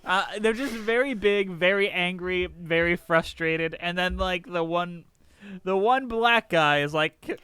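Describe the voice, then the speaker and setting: A young man hosts a podcast with a bright, forceful tone and a crisp, resonant voice. He chats casually and playfully. The sound is dry and close. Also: high-pitched, no echo. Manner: playful, jokey, quick bursts of put-on voices. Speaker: podcast host. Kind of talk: casual chat.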